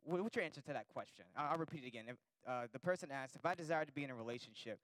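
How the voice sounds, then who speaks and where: A man's voice: mid-range voice, expressive, racing, a bit bright, no echo, poor audio. A man hosting a church question panel, reading listener questions aloud and repeating them with small restarts. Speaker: panel host.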